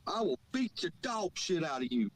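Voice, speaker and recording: A man calling into a sports podcast, yelling insults and threats at the host. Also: sits high, very animated, moderate pace, noisy background. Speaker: caller. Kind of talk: heated sports call-in argument.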